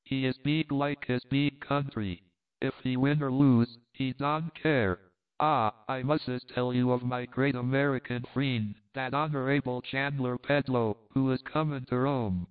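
Flirtatious foreign countess in broken English, put on by a male reader; smooth voice, tinny lo-fi sound. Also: mid-range voice, steady tone, a little slow, natural voice. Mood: coaxing.

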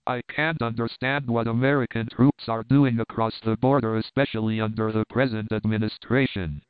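A man reading a skeptical older gentleman. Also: mid-range voice, fairly even intonation, normal speed, clean tone, no room sound, close to an everyday voice. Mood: puzzled. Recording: thin phone-like sound.

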